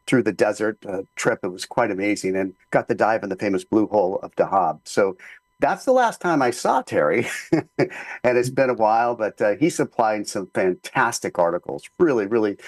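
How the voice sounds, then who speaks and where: A man's voice: fairly low pitch, animated, moderate pace, no room sound. A man who publishes the magazine, co-hosting and telling a travel story in an upbeat way. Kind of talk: casual podcast chat.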